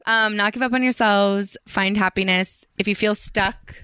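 A woman's voice: medium pitch, fairly even intonation, moderate pace, pushed and bright, clean tone, dry recording, clean studio sound. A young woman guest on a podcast, joking playfully and giving earnest encouragement. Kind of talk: casual podcast chat.

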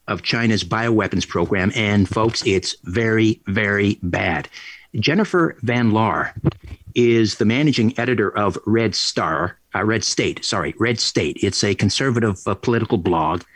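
A man's voice: on the low side, husky, no room sound. A man hosting a talk radio show, delivering an opinionated, sarcastic and indignant monologue. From Canada. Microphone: studio microphone.

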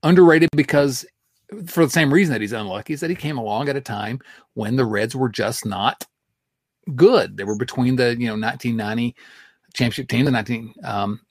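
A man's voice: medium pitch, fairly quick, no echo, studio quality. A middle-aged man hosting a casual sports podcast, laughing often and restarting sentences as he talks. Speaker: podcast host.

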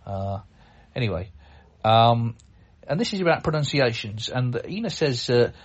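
Husky-voiced man hosting a chatty podcast. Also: medium pitch, big pitch swings, a little slow, muffled recording. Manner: chatty, rambling, with many fillers and restarts. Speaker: podcast host. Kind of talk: casual solo podcast talk.

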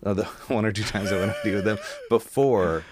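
A middle-aged man co-hosting a podcast, chatting casually and telling funny stories with animated impressions and frequent laughs. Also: on the low side, a little fast, background noise. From Pacific Northwest. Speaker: podcast co-host. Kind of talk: casual chat.

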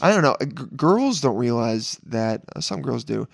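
A man's voice: mid-range voice, sing-song, moderate pace, creaky, no echo, clean studio sound. A young man in crude, casual podcast banter, laughing often and trailing off mid-sentence.

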